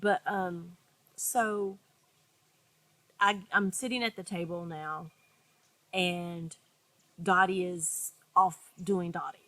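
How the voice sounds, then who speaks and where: Woman, casual chat co-host, lower-pitched, animated, restarts a lot. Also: slow, long pauses. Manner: animated storyteller, acts out quotes, many restarts. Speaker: podcast co-host.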